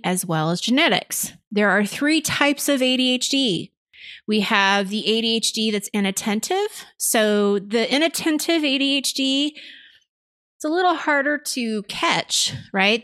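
A woman's voice: a little high, a bit bright. A woman hosting a podcast. She chats casually with her co-host, laughs easily, and explains things step by step.

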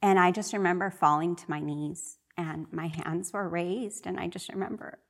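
A woman's voice: lowish voice, steady tone, moderate pace. A middle-aged woman sharing her personal faith testimony in an earnest, emotional way. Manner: earnest and emotional, often re-voicing her own prayers.

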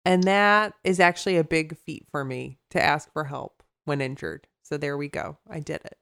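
A woman's voice: low voice, fairly even intonation, moderate pace, gravelly, a bit bright, smooth. Chatty, rambling woman therapist. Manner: chatty, rambling into tangents with frequent laughter. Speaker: therapist and podcast co-host. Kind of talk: casual podcast chat.

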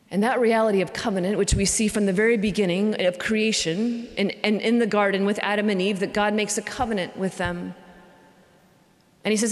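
A religious sister giving a conversational retreat talk, repeating phrases for emphasis. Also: female voice, medium pitch, steady tone, a little fast. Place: cathedral. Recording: long cathedral reverb.

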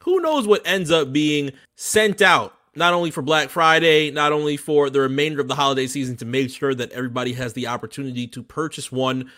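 Excitable podcast man, dry sound. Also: a little high, a little fast, few pauses, dry recording. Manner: stammering restarts, animated and playful. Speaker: podcast co-host. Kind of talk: casual chat.

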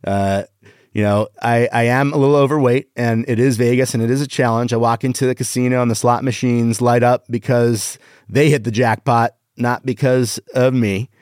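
A middle-aged man hosting a casual podcast, reading corny one-liners and pushing his punchlines high in pitch. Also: steady tone, moderate pace, darkish tone, no echo, clean studio sound. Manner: reads jokes aloud with exaggerated rising punchlines. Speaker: podcast host. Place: Las Vegas.

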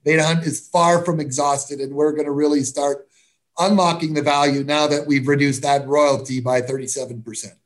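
A man's voice: a little high, steady tone, moderate pace. A man, a mining company executive, giving emphatic, repetitive interview answers.

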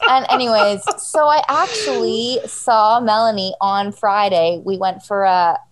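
A woman's voice: mid-range voice, measured pace, heavy background noise. A woman in her thirties telling a funny story in casual chat, acting out the people she quotes and laughing often. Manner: animated storyteller, acts out quoted voices, laughs a lot.

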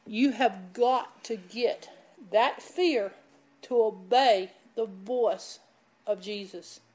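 A woman preaching a sermon, emphatic and animated as she tells stories. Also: mid-range voice, drawn-out words. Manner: animated, emphatic, laughs while telling stories. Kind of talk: sermon with storytelling.

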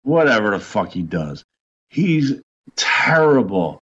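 A man's voice: fairly low pitch, sing-song, takes it slowly, fairly bright tone, slightly rough, highs cut off. A man ranting in a heated, profane, mocking way during a podcast chat. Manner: foul-mouthed, heated, mocking.

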